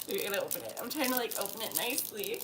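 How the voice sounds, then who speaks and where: A woman's voice: medium pitch, echoey room. A young woman live-streaming a casual unboxing from home, gasping and gushing with delight as she talks to her viewers. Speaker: livestreamer. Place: home at night. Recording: noisy home stream audio.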